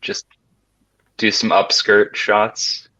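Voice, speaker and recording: Low-voiced, hesitant man, deadpan. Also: extremely slow. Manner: hesitant, deadpan, many fillers. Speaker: podcast co-host. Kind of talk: casual chat. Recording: dull lo-fi sound.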